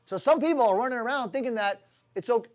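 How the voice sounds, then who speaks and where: Fast-talking, blunt, swearing sales boss. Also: male voice, extremely high pitch. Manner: blunt, heavy swearing, rhetorical questions. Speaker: sales team leader. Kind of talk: motivational talk to his team.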